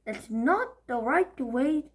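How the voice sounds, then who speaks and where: A woman voicing a bossy, fussy old grandmother in a storybook reading, nagging slowly and primly. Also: high voice, expressive, husky, exaggerated voice.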